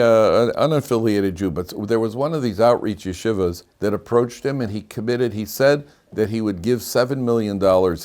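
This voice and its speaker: A man, a rabbi giving a Torah class, telling stories with animation, acting out dialogue, wandering off on asides and asking rhetorical questions. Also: fairly low pitch. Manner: animated storyteller who acts out dialogue; digressive, with frequent restarts and rhetorical questions.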